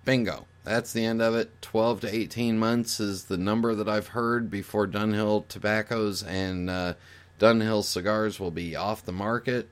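A man's voice: lowish voice, fairly even intonation, a little slow, smooth. A man speaking as a guest on a podcast, giving his opinion in a casual, explanatory way and thinking aloud with fillers and restarts.

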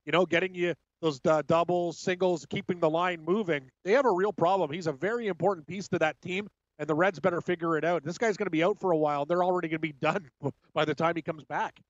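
A man's voice: on the high side, fairly even intonation, no echo, lo-fi sound. A man hosting a sports betting talk show, casual and teasing, a bit unwell. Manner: quick, joking, teasing. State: feeling unwell.

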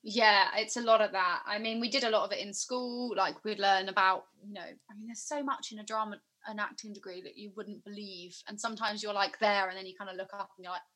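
Bright, chatty young woman. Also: mid-range voice. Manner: chatty, rambling, many fillers. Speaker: guest musician and actor. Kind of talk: casual interview chat.

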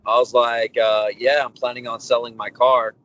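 A young adult man, a baseball pitcher being interviewed, telling his story casually and acting out the dialogue as he goes. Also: normal speed. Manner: animated, candid storyteller acting out quoted dialogue. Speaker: professional baseball pitcher, guest. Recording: dull lo-fi audio with faint background noise.

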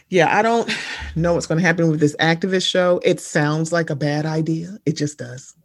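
Podcast co-host, mid pitch, blunt and profane, sarcastic pop-culture gossip, very dry close sound. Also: normal speed, dry recording. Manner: blunt, profane, sarcastic, addresses listeners as y'all. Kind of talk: casual pop-culture chat.

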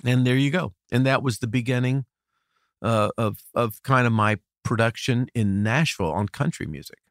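In a relaxed interview, a middle-aged U.S. record producer spins stories with plenty of laughter and frequent restarts, very animated. He speaks mid-range at a moderate pace, on a dry, studio-quality recording.

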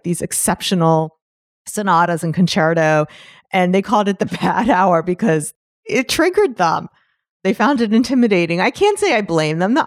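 A woman's voice: mid-range voice, no room sound, clean studio sound. Chatty middle-aged woman podcast host. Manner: conversational, laughs often between points, digresses. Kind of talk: podcast monologue.

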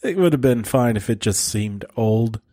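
A man's voice: medium pitch, expressive, normal speed, warm tone, dry recording, clean studio sound. Man chuckling along as co-host. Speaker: podcast co-host. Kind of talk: casual chat.

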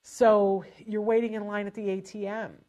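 A woman giving parents casual spoken advice in a lively, chatty way, often restarting her sentences. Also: medium pitch, normal speed. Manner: animated and chatty, with frequent restarts. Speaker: advisor to parents on child language delay.

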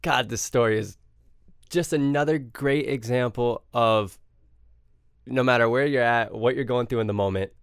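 Male podcast guest, smooth resonant voice, easygoing storyteller, dry mic. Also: medium pitch, normal speed, no echo. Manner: relaxed storytelling with ums and self-mocking jokes. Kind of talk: casual chat.

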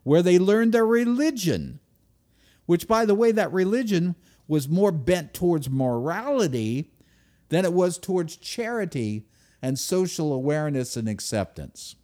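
A man giving a speech to an audience, emphatic, with sudden loud stresses and drops to a near-whisper. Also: high voice, lively intonation, a little slow. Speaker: speaker.

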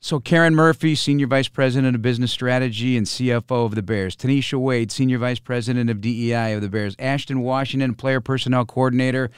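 A man hosting a sports podcast and interviewing a guest, speaking in a measured broadcaster's way with frequent fillers. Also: medium pitch, steady tone, clear, resonant tone, no room sound, studio quality.

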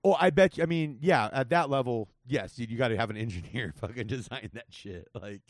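A man's voice: mid-range voice, fairly quick, no room sound, clean studio sound. A man in his forties from Southern California hosting a casual comedy podcast, rambling, swearing and laughing often. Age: 40s. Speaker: podcast host.

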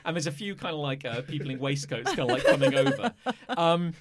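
A man's voice: fairly high pitch, huge pitch swings, brisk, crowd noise. Guy running a tabletop game, loose and rambly, voice bouncing all over. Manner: rambling, hesitant, laughing. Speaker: game master.

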